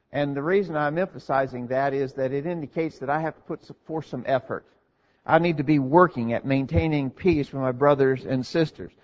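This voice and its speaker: A man's voice: on the high side, in a large hall, highs cut off. A man preaching an earnest sermon to his congregation, stressing his points and asking rhetorical questions.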